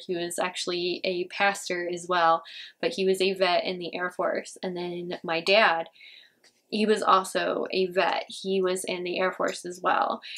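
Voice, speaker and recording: Chatty young woman with a slight Indiana twang. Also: on the low side. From northern Indiana, US Midwest. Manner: chatty, rambling, many "like" fillers. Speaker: beauty vlogger. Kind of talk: casual chat to camera.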